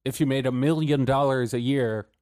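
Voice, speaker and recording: A man's voice: mid-range voice, steady tone, moderate pace, a little mellow, no room sound, clean studio sound. A man co-hosting a casual podcast, talking in a wry, profane, explanatory way. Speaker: podcast co-host. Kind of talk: casual chat.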